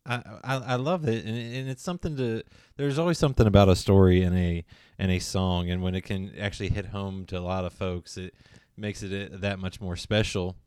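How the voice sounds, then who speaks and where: A man's voice: low-pitched, steady tone, brisk, darkish tone, clean tone, dry recording, clean studio sound. A man hosting a casual interview, asking questions in an easygoing way with lots of stammered restarts. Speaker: interview host.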